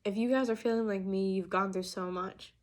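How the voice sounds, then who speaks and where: A woman's voice: medium pitch, fairly even intonation, brisk. A young adult woman giving an earnest, emphatic channeled tarot reading, full of restarts and fillers. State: getting emotional. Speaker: tarot reader.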